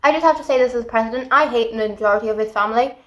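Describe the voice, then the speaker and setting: A woman giving a casual book review vlog, talking in an animated, exasperated rant. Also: fairly high pitch, very fast. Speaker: book vlogger.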